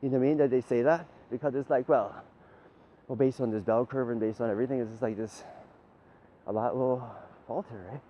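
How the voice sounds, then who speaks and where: A man's voice: mid-range voice, steady tone, brisk, lo-fi sound, a little hiss or hum. A man giving a rambling, preachy monologue as a self-styled spiritual leader. He swears freely and keeps asking "right?". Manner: profane, repeats "right?" often.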